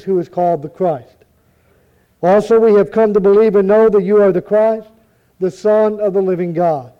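A man reciting scripture in a measured, solemn way, with the odd stumble over a word. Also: sits high. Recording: dull lo-fi recording.

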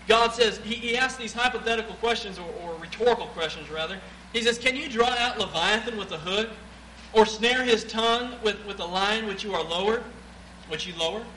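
High-voiced preacher in an echoey hall. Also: male voice. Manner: rising to emphatic, loud scripture reading, then dropping quiet. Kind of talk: sermon. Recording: echoey room with clear background noise.

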